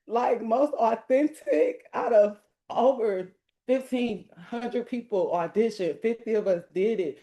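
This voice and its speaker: Woman, award acceptance, excited and heartfelt, casual slang, video call mic. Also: fairly high pitch, a little slow, dull audio. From Milwaukee, USA. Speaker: award winner and speaker. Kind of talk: emotional acceptance speech.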